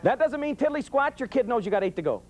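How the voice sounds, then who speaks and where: A man's voice: very high voice, lively intonation, fast, dull audio, crowd noise. A middle-aged man giving a folksy, humorous talk on raising children, acting out voices as he tells stories. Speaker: police sergeant giving parenting talk. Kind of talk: folksy talk to a live audience.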